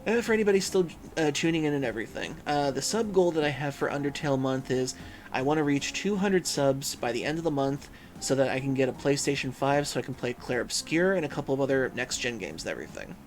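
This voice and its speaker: Speaking fast and animatedly at a medium pitch, this man hosts a livestream with casual chat. He reads out messages from viewers and thinks aloud, filling gaps with frequent hums and fillers.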